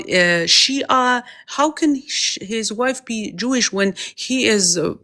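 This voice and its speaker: A woman's voice: mid-range voice, a bit bright. A woman from Iran with a Persian accent, whose first language is Persian. She is a guest on a live stream and talks in an earnest, emphatic way with non-native phrasing. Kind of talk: casual political talk.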